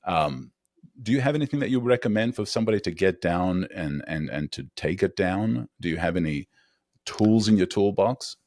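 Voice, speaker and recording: Deep voiced guy hosting, dry mic, rambles his questions, lots of uh and you know. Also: expressive, normal speed, darkish tone, no room sound. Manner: rambling, circling questions with many fillers. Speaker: podcast host. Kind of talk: casual podcast interview.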